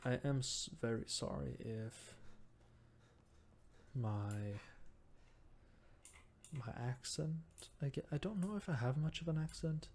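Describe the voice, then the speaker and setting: A man's voice: medium pitch, slow pace, gravelly, long pauses, a little mellow, a little hiss or hum. A man whose first language is Norwegian, murmuring his thoughts aloud and musing in a self-deprecating way while he plays a game. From Norway. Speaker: gamer. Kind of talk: casual gameplay commentary.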